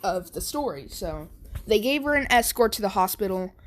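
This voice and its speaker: A woman's voice: medium pitch, very animated, moderate pace. A woman casually narrating a fan story, rambling with many fillers and restarts.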